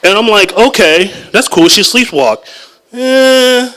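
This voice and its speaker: A man telling a personal story live at a story slam, chatty and animated, often laughing at his own lines. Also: high voice, takes it slowly, noisy background.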